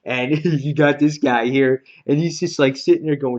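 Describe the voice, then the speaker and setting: A man reviewing a comic book in a casual, rambling, excited way, full of fillers and quoted lines. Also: fairly high pitch, moderate pace. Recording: dull lo-fi recording.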